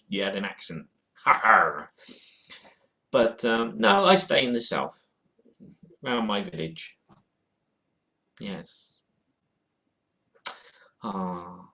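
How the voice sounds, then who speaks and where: A man's voice: medium pitch, pushed and bright. A man talks to his webcam at home, wandering from thought to thought and often stopping to restart a sentence. His delivery is loose and unscripted, full of ums and trailing asides, like a casual chat with viewers. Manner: rambling and hesitant, with many fillers and restarts. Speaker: board game vlogger. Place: at home in front of a game shelf.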